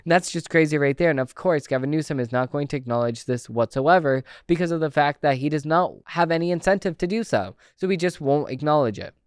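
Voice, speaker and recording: A man with a somewhat high, resonant voice reads political news aloud on his podcast. He trips over a word here and there and breaks off into casual, opinionated commentary. The sound is dry, with no room echo. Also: a little fast, few pauses, clean tone. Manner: opinionated, conversational asides between read passages; stumbles and restarts words when reading. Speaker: podcast host.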